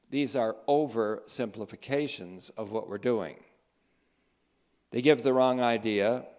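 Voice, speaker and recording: A man delivers theology commentary at a slow, deliberate pace. His tone is emphatic and sardonic, and he slows further to stress quoted passages word by word. His voice sits at an ordinary middle pitch. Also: a little mellow. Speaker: teacher of a theology group.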